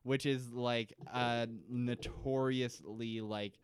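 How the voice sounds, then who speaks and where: A man's voice: medium pitch, steady tone, slow, a little hiss or hum. A man co-hosting a casual comedy podcast, recapping a TV episode in a rambling, jokey way and slipping into silly voices. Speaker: podcast co-host.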